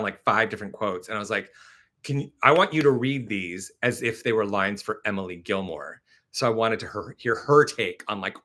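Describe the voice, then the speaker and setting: Bright-voiced chatty male streamer. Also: lowish voice. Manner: chatty, animated storytelling with many fillers; reads and answers viewer comments. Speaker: live stream host. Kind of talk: casual live stream chat.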